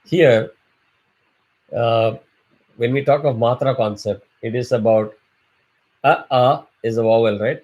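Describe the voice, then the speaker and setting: A man's voice: medium pitch, measured pace, long pauses, darkish tone. A man teaching a chanting class, explaining patiently and drawing out syllables as examples. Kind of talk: online class instruction.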